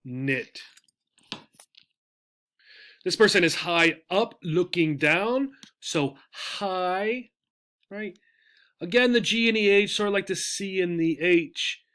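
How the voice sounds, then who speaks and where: A man gives an English pronunciation lesson at an unhurried pace. His voice sits slightly high. He explains patiently, says words twice, and keeps asking "right?". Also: bright, forceful tone. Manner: patient, repeats words slowly, often adds "right?". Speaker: English teacher.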